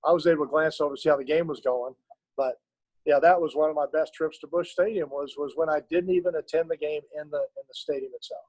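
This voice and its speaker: Earnest middle-aged coach, slightly high voice. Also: male voice, steady tone, quick pace, a little mellow, dry recording, rough recording. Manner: earnest, emotional, with many restarts. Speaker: basketball coach. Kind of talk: storytelling in an interview.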